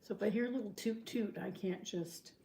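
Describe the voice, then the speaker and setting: A woman's voice: mid-range voice, fairly quick, vocal fry, warm tone. A woman co-hosting a casual eating stream, chatty and giggly as she tells stories. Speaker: co-host of a mukbang stream. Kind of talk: casual chat while eating. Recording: echoey room with faint noise.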